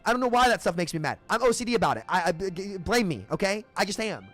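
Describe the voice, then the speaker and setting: A man's voice: high voice, lively intonation, fast talker, a bit bright, soft background music. A man streaming a game, ranting in heated, profane bursts and repeating himself as he talks. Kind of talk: livestream rant between matches.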